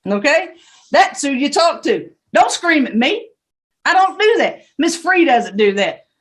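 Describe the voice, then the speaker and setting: A woman judge with a Southern US accent giving brisk, stern and joking courtroom instructions over a video call. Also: sits high, very animated.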